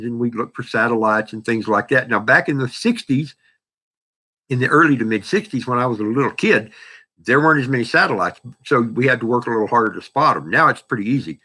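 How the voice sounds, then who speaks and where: Bright-voiced older man rambling. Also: mid-range voice. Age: 60s. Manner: rambling, folksy, talks back to chat messages. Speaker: livestream host. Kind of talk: casual livestream chat reading viewer comments.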